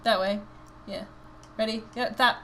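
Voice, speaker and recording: A woman's voice: mid-range voice, steady tone, unhurried, a bit bright, a little hiss or hum. A woman co-hosting a video game session, teasing and bantering casually. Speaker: co-host.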